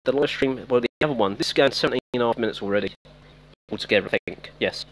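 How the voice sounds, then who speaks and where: A man's voice: mid-range voice, racing. A man giving casual live-stream commentary on a mobile game, chatting with viewers by name. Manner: chatty, talks to viewers by name, self-teasing.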